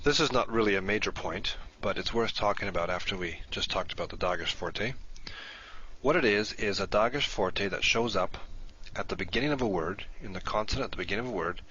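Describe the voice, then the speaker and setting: Deep-voiced man lecturing on a dull recording. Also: fairly quick, sharp tone, slightly rough. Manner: methodical, lists conditions step by step. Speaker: Hebrew grammar lecturer. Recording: dull lo-fi video playback.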